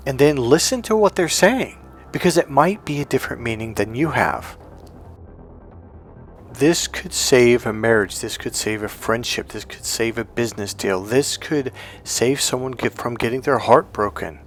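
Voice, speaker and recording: A man talks as a relationship coach in a motivational monologue. His delivery is animated, and he acts out bits of dialogue as he tells stories. His voice sits in a mid range, with faint music in the background. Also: medium pitch, moderate pace. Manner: animated storytelling, acting out dialogue.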